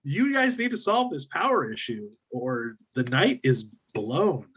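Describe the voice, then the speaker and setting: Husky male game master. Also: on the high side, big pitch swings, a little slow, fairly bright tone. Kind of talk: narrating a tabletop game.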